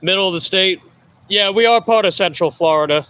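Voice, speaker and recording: Chatting with live viewers while making deliveries, a middle-aged vlogger with a Long Island New York accent rambles and corrects himself. His high voice moves fairly quickly and sounds pushed, bright and smooth, though the recording is rough.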